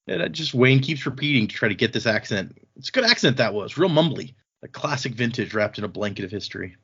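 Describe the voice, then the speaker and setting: A man's voice: medium pitch, quick pace, few pauses, husky. Guy on a podcast going over chapters, chatty, laughs a lot, does little voices for quotes, kinda dull lo-fi audio. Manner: animated, laughs often, slips into character voices for quotes. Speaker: podcast host recapping a book. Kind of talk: casual chat, recapping chapters with voiced quotes. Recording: dull lo-fi sound.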